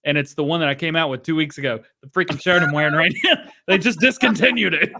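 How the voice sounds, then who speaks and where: A man's voice: fairly high pitch, fast, creaky, bright, forceful tone. A man hosting a podcast in joking, playful casual chat. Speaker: podcast host.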